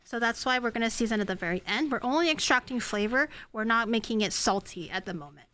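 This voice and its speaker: A woman's voice: a little high, animated, fast, sharp tone. A woman streaming herself cooking at home, chatting casually, self-mocking and swearing. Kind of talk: casual cooking livestream chat.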